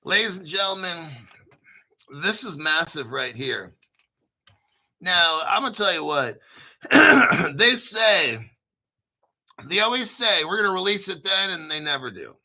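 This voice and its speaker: An American man hosting a casual commentary, brash and profane, joking around and often clearing his throat. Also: fairly high pitch, sing-song, slow pace, long pauses, sharp tone. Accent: General American. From United States. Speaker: crypto video host. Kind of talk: casual commentary reading articles.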